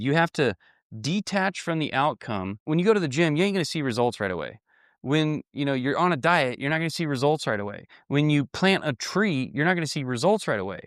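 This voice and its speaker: A man's voice: fairly high pitch, dry recording, studio quality. A man giving a blunt, folksy motivational talk on building an online business, with lots of restarts and repetition.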